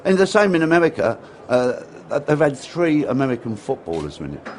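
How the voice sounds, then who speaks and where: A man's voice: medium pitch, brisk, a little hiss or hum. A man, a guest telling anecdotes and acting out quotes. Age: 60s. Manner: animated, acts out quotes, repeats words. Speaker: interview guest, former dance teacher. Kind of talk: anecdotal storytelling in an interview.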